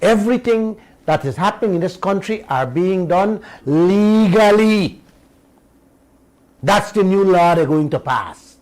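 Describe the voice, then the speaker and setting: A man's voice: high-pitched, lively intonation, a little mellow, low-quality recording. A middle-aged man, hosting a radio show and giving an emphatic political commentary monologue straight to his listeners. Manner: emphatic, drawn-out words, addresses listeners as uncle and auntie.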